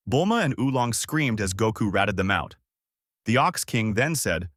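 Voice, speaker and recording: A man narrating a fan story and voicing all of its characters in an animated way. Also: medium pitch, normal speed, dry recording, clean studio sound. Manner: animated, jumps between character voices.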